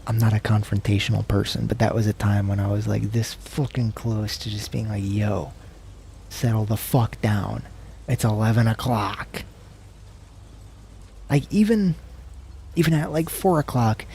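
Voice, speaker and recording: With a creaky, breathy-edged voice, a man from the United States livestreams a video game and chats casually. He rambles and curses, at times sinking to a murmur or whisper.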